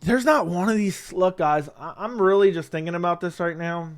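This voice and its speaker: Laughing, blunt man with a smooth voice. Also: sits high, normal speed. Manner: blunt, profane, laughs often, animated swings in loudness. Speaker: MMA predictions commentator. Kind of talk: casual fight predictions monologue.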